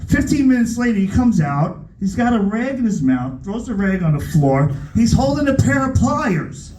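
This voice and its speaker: High, lively stand-up comic in an echoey club. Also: male voice, moderate pace. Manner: profane, animated, voices shouted punchlines. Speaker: stand-up comedian. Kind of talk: stand-up comedy storytelling. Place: comedy club stage.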